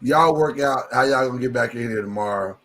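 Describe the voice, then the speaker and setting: A man hosts a podcast in easy, casual chat, his voice sitting in an ordinary middle pitch. He talks in an animated, rambling way, restarting sentences and jumping up sharply in pitch and loudness when he gets going. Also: brisk. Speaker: podcast host.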